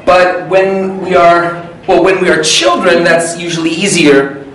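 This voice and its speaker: A man's voice: sits high, a little slow, fairly bright tone, a little hiss or hum. A man leading an English workshop for teachers and students, showing rhythm and intonation by saying phrases aloud. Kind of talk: live classroom workshop teaching. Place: large hall with an audience. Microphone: far from the microphone. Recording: echoey hall, voice from far off.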